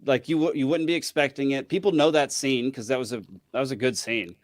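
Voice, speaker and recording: Male podcast guest, laid-back and casual, mid pitch, dry and close. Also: steady tone, a little fast, dry recording.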